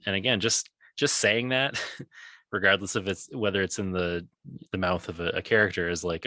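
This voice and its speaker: In a casual music chat, this man co-hosting a podcast reflects earnestly on a song that stirs his emotions. He has a low, sharp-toned voice, captured in a dry recording.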